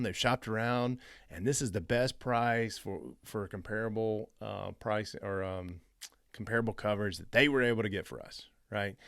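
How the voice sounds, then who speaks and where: A man's voice: on the low side, dry recording. Man, casual storytelling, re-enacts calls, resonant voice, dry recording. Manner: animated, re-enacts phone calls in quoted voices. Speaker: real estate investing host.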